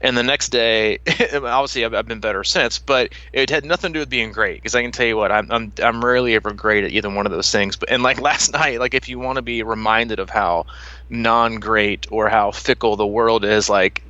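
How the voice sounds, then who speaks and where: Casual male podcast host, 30s, bright and animated, dry lo-fi mic. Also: mid-range voice, fairly quick, no room sound. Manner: animated, laughing, lots of "like" fillers. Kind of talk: casual chat.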